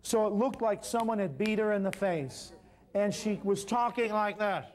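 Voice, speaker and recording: A man giving an animated seminar talk, telling a story and addressing the audience directly. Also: high voice, moderate pace. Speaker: natural healing speaker.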